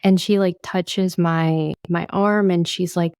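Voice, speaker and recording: A woman's voice: lowish voice, steady tone, takes it slowly, few pauses, darkish tone, clear, resonant tone, dry recording, clean studio sound. A woman podcast host sharing a story of her own and drawing out her guest, nodding along with frequent affirmations. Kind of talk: conversational interview hosting.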